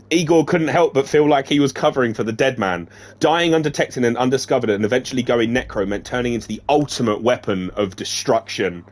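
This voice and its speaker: A man reading a novel aloud in a casual way, breaking off now and then to joke and laugh. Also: mid-range voice. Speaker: reader of a novelization. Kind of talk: casual read-aloud narration.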